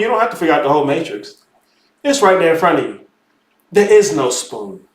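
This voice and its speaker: A man teaching spirituality in a casual, animated lecture, emphatic and profane, who keeps calling the listener "bro". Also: high voice. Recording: roomy echo.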